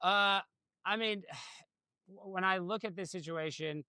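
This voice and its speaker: A man in his thirties talking in a casual panel chat, rambling and restarting as he tells animated stories. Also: high voice, slow, clean tone, dry recording, clean studio sound. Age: 30s.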